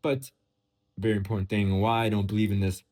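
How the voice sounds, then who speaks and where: A man giving casual, joking commentary while walking through photos, sarcastic and playful, his pitch leaping up and dropping back down. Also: flat delivery, a little fast, darkish tone. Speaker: MMA commentary vlogger.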